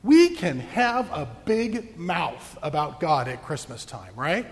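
A man's voice: a little high, wildly swooping pitch, a little slow, hardly any pauses, in a large hall. A male pastor preaching a sermon in a church, playful and joking with his congregation.

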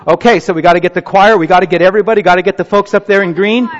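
A man's voice: sits high, steady tone, very fast. A man serving as pastor, giving a children's sermon and coaxing the congregation into a group activity in a church sanctuary. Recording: muffled sound in a reverberant church.

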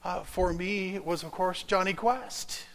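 A man preaching a sermon through a story, rising loud and then dropping to a whisper. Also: high voice, slow pace, poor audio. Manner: dramatic, swinging from loud to whispered.

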